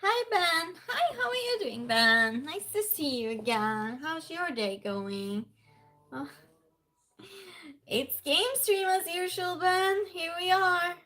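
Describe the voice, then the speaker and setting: A woman's voice: very high voice, lively intonation, slow pace, pushed and bright. A woman hosting a casual live-stream game night, chatting, laughing often and greeting viewers by name from her desk at home.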